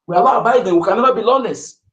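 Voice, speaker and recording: Rallying man, high echoey voice. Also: rapid-fire, lo-fi sound. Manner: earnest, rallying, preachy. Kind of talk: speech on an online audio space.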